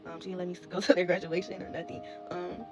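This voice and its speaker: A woman's voice: lowish voice, flat delivery, fast. A young woman telling a casual storytime tale, slangy, laughing as she goes. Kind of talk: storytime vlog. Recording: music bed behind.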